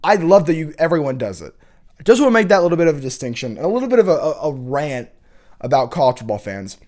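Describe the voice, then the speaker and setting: A man's voice: on the high side, very animated, fast talker, a little mellow. Opinionated young man ranting casually. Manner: opinionated, rambling, frequent restarts and fillers. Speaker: college football show host.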